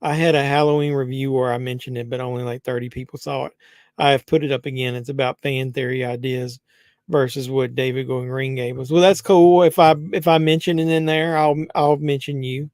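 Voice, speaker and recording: A man's voice: mid-range voice, steady tone, a little fast, a little mellow, clear, resonant tone, dry recording. A man hosting a live stream, chatting casually and with strong opinions, rambling with many fillers and restarts. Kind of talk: casual movie review chat.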